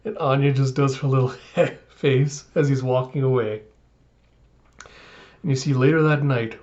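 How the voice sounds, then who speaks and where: A man's voice: medium pitch, fairly even intonation, a little slow, long pauses, a little mellow. A man hosting an anime reaction video, recapping the episode in a casual, chatty way that breaks into giggles. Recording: dull lo-fi audio.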